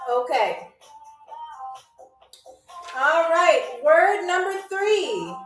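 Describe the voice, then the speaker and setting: A woman's voice: extremely high pitch, very animated, extremely slow, fairly bright tone, far from the mic. A woman hosting a live game show, playfully teasing viewers and reading out their comments. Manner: repeats words drawn out. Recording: echoey room, a little off-mic, faint music.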